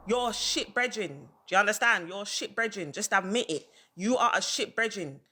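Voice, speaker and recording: A woman's voice: medium pitch, bright, forceful tone. A woman ranting on a livestream, heated and repetitive, hammering her points over and over. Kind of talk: livestream rant.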